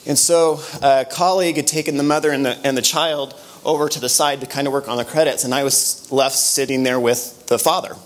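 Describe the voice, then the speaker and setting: A middle-aged man, giving an animated motivational conference talk full of stories and quick restarts. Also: medium pitch. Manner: storytelling, animated, with frequent restarts. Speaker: conference speaker. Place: conference room.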